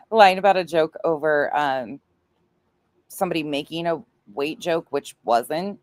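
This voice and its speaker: A woman's voice: deep voice, lively intonation, slow. A woman host giving blunt, profane, scornful reaction commentary on a clip she plays.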